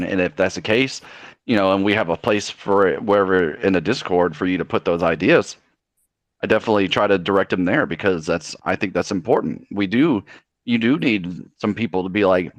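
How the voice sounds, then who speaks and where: Laid-back Southern man, low voice. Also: a little fast, no echo. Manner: laid-back, jokey, street slang. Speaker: Discord moderator. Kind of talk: casual voice chat. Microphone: online voice call.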